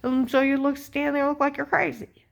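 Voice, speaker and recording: A woman's voice: sits high, level tone, moderate pace, creaky. A woman talking in a rambling, agitated personal monologue, full of fillers and repeated check-ins. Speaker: vlogger.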